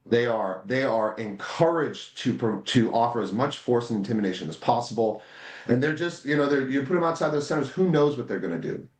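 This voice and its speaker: In an echoey room, a U.S. voting rights advocate appears as a guest on a political interview, his medium-pitched voice animated and brisk. His passion shows as he repeats himself whenever things heat up.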